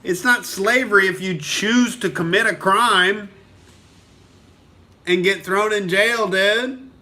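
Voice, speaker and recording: A young male comedian from Oklahoma rants heatedly and profanely on a live stream, reading out viewer comments and firing back answers. His voice is high, slow-paced, pushed and bright.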